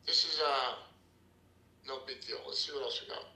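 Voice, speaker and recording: Energetic man, echoey room. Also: mid-range voice, normal speed. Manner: energetic, salesy, calls out to viewers. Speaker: trading room host. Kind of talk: live trading room chat.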